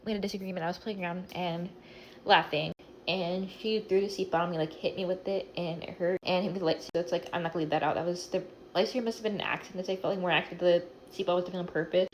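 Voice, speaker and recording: Her voice sits on the low side and races along with fairly even intonation as this young woman vlogger applies makeup at home. Speaking to her phone camera, she rambles through a scattered personal confession in an emotional get-ready-with-me style, with a little hiss or hum audible.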